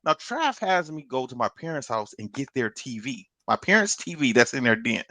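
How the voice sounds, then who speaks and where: A man on a podcast telling a long story in a casual, animated way, swearing and laughing as he goes. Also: mid-range voice, moderate pace, no echo. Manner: animated, profane, laughs through his story. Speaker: podcast co-host.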